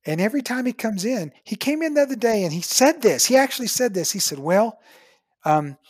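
Woman dentist, animated storyteller; breathy, dry close mic. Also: fairly high pitch, a little fast, no echo. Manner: animated storyteller, acts out quoted dialogue. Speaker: dentist, podcast guest. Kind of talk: casual conversation, storytelling.

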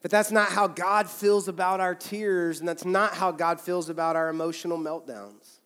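A man's voice: sits high, level tone, normal speed, a bit bright, clean tone, big-room sound, faint music behind. A man in his thirties, a pastor, preaching a sermon in a candid, conversational way, often restarting his phrases. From United States. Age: 30s. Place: church sanctuary with long reverb.

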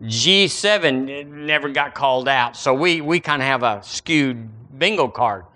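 A man preaching a sermon in a folksy, animated way, full of everyday analogies. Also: medium pitch, a little slow.

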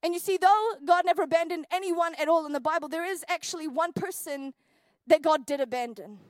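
A woman pastor delivering an earnest sermon, rising to intense peaks and dropping to quiet, intimate passages. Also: extremely high pitch, brisk, dry recording. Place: church.

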